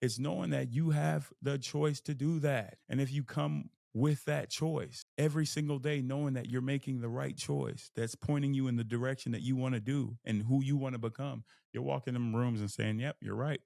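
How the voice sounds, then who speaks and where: Male podcast host, casual motivational talk, mid-pitched with some fry, animated and self-mocking. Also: normal speed, few pauses, no echo, clean studio sound. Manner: animated, jumps into high excited pitch and laughs at himself.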